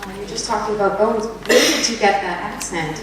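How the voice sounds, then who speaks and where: An interviewer from Toronto asks quick, casual questions. The voice is heard from a distance in a very echoey room, with clear background noise underneath. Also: medium pitch.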